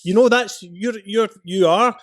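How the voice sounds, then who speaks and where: A man's voice: high voice, unhurried, fairly bright tone, dry recording, clean studio sound. A man hosting a podcast, asking probing follow-up questions in a casual interview. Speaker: podcast host.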